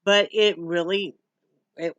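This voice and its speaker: A woman's voice: lowish voice, steady tone, slow pace, fairly bright tone, dry recording, muffled recording. A middle-aged woman from Wyoming chatting casually in a home vlog, laughing often and cooing to her dog. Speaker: vlogger.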